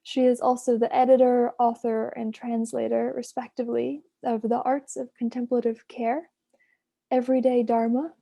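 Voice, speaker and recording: A woman hosting an online session, introducing the guest teacher in an even, read-from-notes way. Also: fairly high pitch, gravelly. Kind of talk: scripted introduction. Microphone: online video call.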